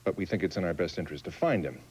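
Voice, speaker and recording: An actor playing a brisk, businesslike senior official in a soap opera. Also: male voice, deep voice, expressive, darkish tone, slightly rough, low-quality recording.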